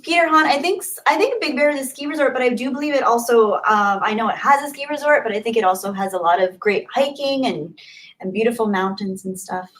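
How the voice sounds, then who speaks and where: Bit high-pitched woman streaming from home, chatty, laughs a lot reading chat. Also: fairly quick, a bit bright. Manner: chatty, laughs often, reads viewer comments aloud. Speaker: livestream host. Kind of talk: casual livestream chat reading comments. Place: home in Southern California.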